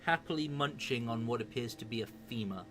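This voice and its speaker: A man's voice: mid-range voice, fairly quick. A man narrating as game master of a tabletop game, laid-back and self-mocking, sometimes tripping over his words.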